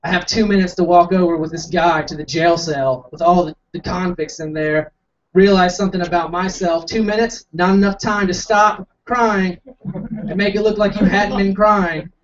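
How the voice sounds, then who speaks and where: A man's voice: high-pitched, fairly even intonation, moderate pace. Young man telling a rambling stand-up story. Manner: rambling, self-mocking, acts out quotes. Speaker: stand-up comic. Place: small coffee house stage. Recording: distant, dull lo-fi room recording.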